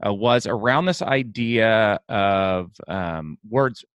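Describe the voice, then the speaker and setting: A man's voice: lowish voice, slow pace, fairly bright tone, clean tone, no room sound, dull audio. A man hosting a podcast interview, thinking aloud in long, searching sentences. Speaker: podcast host. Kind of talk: interview conversation.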